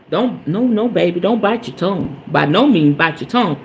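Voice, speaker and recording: A woman's voice: on the low side, animated, normal speed, hardly any pauses, slight background noise, poor audio. A woman hosting a spiritual podcast, giving an emphatic, preachy motivational talk straight to her listeners.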